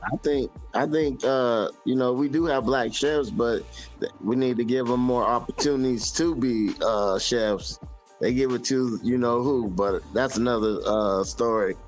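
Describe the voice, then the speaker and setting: A man's voice: medium pitch, measured pace, soft background music, low-quality recording. A man chatting casually and hesitantly, with many fillers. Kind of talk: casual chat.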